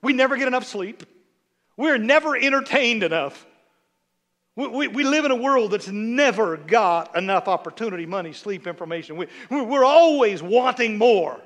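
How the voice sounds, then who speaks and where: A bishop preaches with a high voice that swings widely in pitch. He reads scripture in a low murmur and then presses his points with repeated, rising questions to the congregation. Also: lively intonation, moderate pace, a bit bright. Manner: emphatic preaching, repeats phrases. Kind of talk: sermon.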